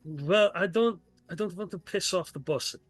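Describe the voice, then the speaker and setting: A man playing his character in a tabletop game with a put-on accent, halting and polite, often fumbling his words. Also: sits high, faint music behind. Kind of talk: in-character tabletop role-play.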